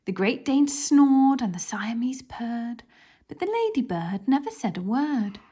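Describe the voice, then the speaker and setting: A woman reads a children's picture book aloud, lingering on each phrase. Her voice swings widely in pitch as she tells the story, and she drops into a soft whisper for some passages. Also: very animated, measured pace, breathy edge.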